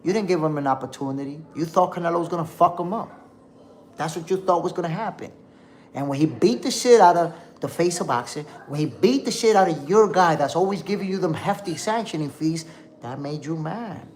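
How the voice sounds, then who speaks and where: A man's voice: on the high side, a little fast, a little mellow, a little hiss or hum. A young man hosting a boxing livestream, ranting heatedly and cursing, calling his viewers "my peoples". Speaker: boxing show host. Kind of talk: casual livestream commentary.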